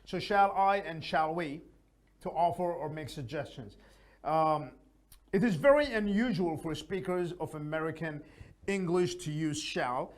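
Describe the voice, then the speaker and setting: A man's voice: on the high side, unhurried. A man teaching an English lesson in a chatty, casual way, often adding his own opinions. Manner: chatty, gives opinions, frequent fillers.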